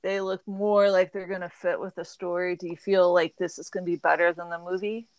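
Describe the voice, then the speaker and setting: A woman's voice: lowish voice, little pitch movement, a little fast, clean tone, dry recording. Chatty woman hosting a podcast. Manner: chatty, laughs often. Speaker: podcast host. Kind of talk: casual book club chat.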